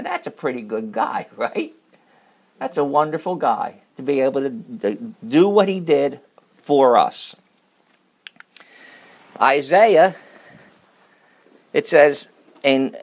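Preacher guy, slow sermon, builds loud then drops to a whisper, lots of rhythmic lists. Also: fairly high pitch. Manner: swings from loud emphatic scripture reading to hushed near-whispers.

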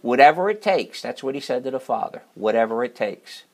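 A man preaching a sermon, moving between loud, emphatic scripture reading and hushed, near-whispered lines, with repetitive rhythmic lists. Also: mid-range voice, lively intonation, fairly quick.

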